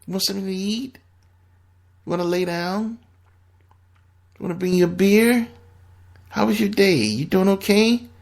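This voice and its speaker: A man voicing a sweet, doting girlfriend who talks softly and attentively. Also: high-pitched, moderate pace, creaky, long pauses, voice pushed up. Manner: soft, cooing.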